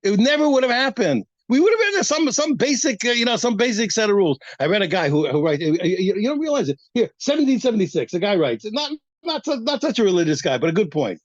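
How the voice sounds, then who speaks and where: A man teaches a Talmud class in a high, swooping voice, racing through his points. He is emphatic and repeats words as he pushes on. The recording is dry and a bit dull. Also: quick pace, hardly any pauses, dry recording. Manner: animated, emphatic, repeats himself. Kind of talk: daf yomi class.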